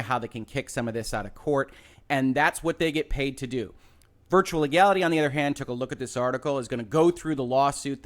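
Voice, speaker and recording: A man, a lawyer and show host, explaining a legal case in a measured, careful way with frequent pauses and fillers. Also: medium pitch.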